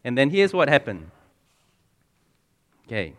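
A man's voice: mid-range voice, very animated, measured pace, a bit bright. Man preaching conversationally in a reverberant hall. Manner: conversational, asks the congregation questions; frequent restarts and repeated words. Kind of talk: sermon.

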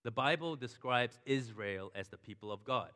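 A man's voice: medium pitch, normal speed, bright, forceful tone. A middle-aged man preaching a sermon as a pastor, telling a personal story in a conversational way and turning to the congregation with asides. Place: church hall. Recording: long reverb of a large hall.

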